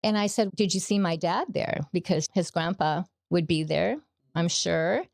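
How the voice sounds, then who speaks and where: A woman's voice: lowish voice, normal speed, creaky, a little mellow, no echo, studio quality. A middle-aged woman, a podcast guest, giving a personal faith testimony in an earnest storytelling way, acting out the quoted dialogue.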